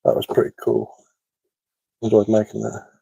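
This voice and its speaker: A man's voice: on the low side, completely flat delivery, normal speed, creaky, mellow, slightly rough, no room sound, low-quality recording. A man with a mixed West Sussex and London accent, chatting casually on a live stream and answering viewers' comments. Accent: West Sussex English mixed with London. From England. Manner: chatty, matter-of-fact, repeats words and says um often. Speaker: live-stream host, woodcarver.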